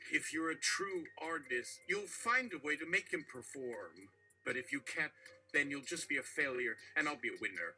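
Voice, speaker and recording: A synthetic man's voice reading a story with dialogue, jumping in pitch, repeating phrases and running into garbled credits. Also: bright, forceful tone, poor audio.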